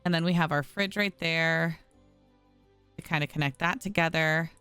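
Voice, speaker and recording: She has a low-pitched, steady voice at a moderate pace, a bit bright, clear and resonant, with no room sound and soft background music. A woman streaming a home-building game, she chats casually, gets frustrated often, and addresses viewers as y'all.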